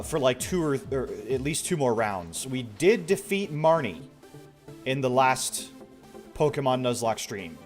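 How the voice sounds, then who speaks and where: A man streaming a video game, chatting casually with his viewers in a soft-spoken way, with sentences that often trail off quietly. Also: mid-range voice. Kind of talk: casual gameplay stream chat.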